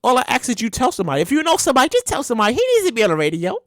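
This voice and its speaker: Loud, hyper male podcast host. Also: very high-pitched, racing, no echo, clean studio sound. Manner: loud, hyper and animated, with profanity; acts out quoted people in shouts. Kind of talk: solo podcast rant.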